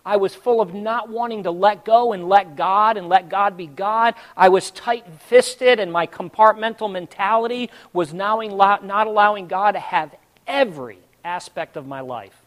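A man preaching a sermon to his congregation, telling a story dramatically and swinging between hushed and loud, calling out to the listeners. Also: high-pitched, normal speed, long reverb tail. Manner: addresses the congregation directly.

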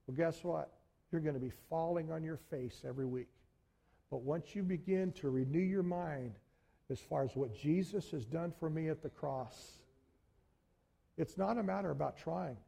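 A man preaching a sermon in church, telling stories with animated delivery and speaking directly to the congregation. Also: on the high side, moderate pace, gravelly, breathy edge. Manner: animated storytelling, addresses congregation as folks. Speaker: pastor.

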